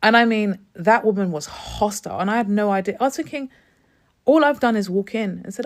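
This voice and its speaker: A woman's voice: mid-range voice, fairly quick. Sassy, emphatic woman telling a story. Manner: emphatic, lecturing, sassy asides. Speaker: host. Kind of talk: opinionated storytime.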